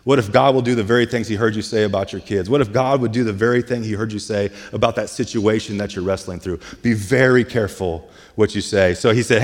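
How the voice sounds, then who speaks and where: A man's voice: lowish voice, steady tone, quick pace, few pauses. Casual-talking pastor man in a reverberant hall. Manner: casual, conversational retelling with "like" and "hey". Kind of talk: sermon. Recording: long reverb of a large hall.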